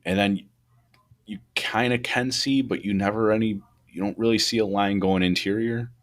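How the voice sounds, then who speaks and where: A man with a very low voice talks firefighting tactics in a loose, rambling way. He restarts his sentences often. His pitch climbs when he gets worked up. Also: steady tone, normal speed. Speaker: podcast co-host, fire truck company boss. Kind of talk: casual shop talk about firefighting.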